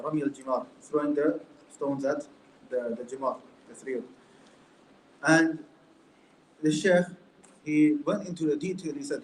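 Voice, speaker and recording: A man's voice: fairly high pitch, darkish tone, a little hiss or hum. A man giving a conversational classroom lecture on a book as an Islamic studies teacher, asking his class many rhetorical questions. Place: indoor classroom. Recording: roomy echo, faint room ambience.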